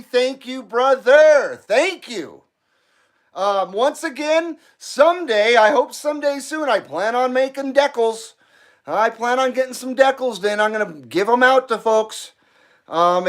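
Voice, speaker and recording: A breathless, excitable man chats on his own live stream, his voice sitting high for a man. He talks in an unhurried, drawn-out way and swears freely between laughs. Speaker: channel host. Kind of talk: casual live stream chat.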